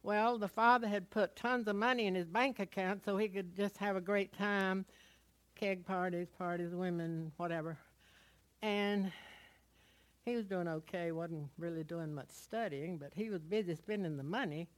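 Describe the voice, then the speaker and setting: A middle-aged woman pastor preaching a sermon, moving from storytelling into loud exhortation. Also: lowish voice, steady tone, normal speed.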